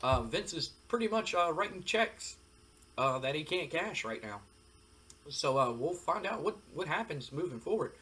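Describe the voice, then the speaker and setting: A man's voice: on the high side, expressive, normal speed, fairly bright tone. A man casually narrating a wrestling management game, retelling it in a loose, rambling way. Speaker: game commentator. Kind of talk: casual let's-play narration.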